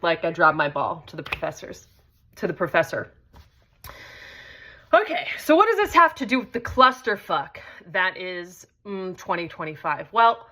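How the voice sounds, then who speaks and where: An American woman hosts her own vlog, telling a story conversationally in a casual monologue and swearing freely. Her voice is mid-range with a sharp tone.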